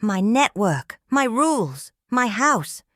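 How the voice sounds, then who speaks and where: A woman's voice: rumbling low, steady tone, fast talker, no echo, clean studio sound. A woman voicing an enraged male TV host who shrieks in cracking outbursts while reading a scripted story. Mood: furious.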